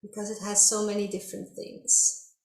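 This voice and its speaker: A woman's voice: medium pitch, monotone, moderate pace. A woman teaching a dance workshop, encouraging her students and calling out drum sounds along to the music. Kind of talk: online dance workshop instruction. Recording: echoey room with loud music. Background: loud music playing.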